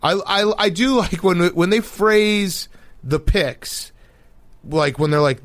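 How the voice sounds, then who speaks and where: Man, sports podcast co-host, excitable and rambling, slightly high voice, dry close sound. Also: slow, no room sound. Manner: rambling, excitable, lots of fillers and restarts. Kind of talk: casual sports chat.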